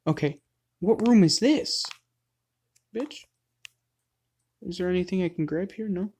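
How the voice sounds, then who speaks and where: A gaming host in the middle of a let's play, voice sitting at an ordinary middle pitch. The talk is casual and addressed to viewers, breaking into startled, loud, profane outbursts. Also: fairly quick. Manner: excitable, loud outbursts, frequent swearing; talks straight to viewers.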